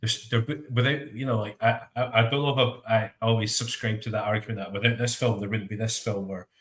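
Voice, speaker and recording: Rambling Scottish man, low voice. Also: steady tone, quick pace, a bit bright. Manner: rambling, stumbling restarts, frequent laughs. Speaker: podcast co-host. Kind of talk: casual chat.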